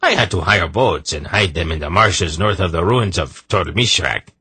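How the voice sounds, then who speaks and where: A man voicing a coarse, blunt male merchant who speaks gruffly and plainly. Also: low-pitched, expressive, normal speed, bright, forceful tone, dry recording, heavily acted.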